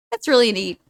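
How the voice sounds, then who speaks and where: A young woman with a somewhat high voice talks straight to her viewers in a casual vlog. She rambles, fills her sentences with "like," and sounds sincere and affectionate. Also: vocal fry. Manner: rambling and chatty, says "like" often; warm and heartfelt toward viewers. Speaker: movie reaction vlogger.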